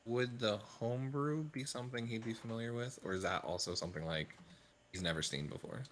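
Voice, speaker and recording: A man's voice: mid-range voice, a little fast, fairly bright tone, a little hiss or hum. A man playing a tabletop game, describing his character's actions casually and hesitantly with many fillers. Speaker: player.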